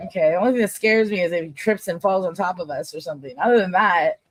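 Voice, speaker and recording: A woman's voice: on the low side, fast, no echo. A woman in a casual chat, talking brashly with heavy swearing and frequent laughs. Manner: brash, profane, laughing often.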